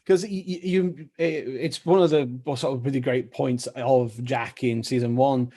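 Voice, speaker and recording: A man's voice: mid-range voice, steady tone, unhurried, dark tone. A man hosting an interview, enthusiastic, laughing often, and stammering as he restarts his questions. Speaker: podcast host. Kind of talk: casual interview chat.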